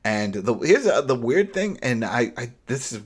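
A man co-hosting a casual chat, retelling scenes with lively energy and acting out the characters. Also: mid-range voice, normal speed, husky. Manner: animated, acts out scenes with shifting voices. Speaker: podcast co-host.

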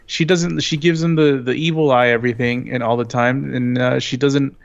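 A man co-hosting a casual chat, offering relaxed, halting commentary. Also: mid-range voice, gravelly. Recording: slightly dull lo-fi sound.

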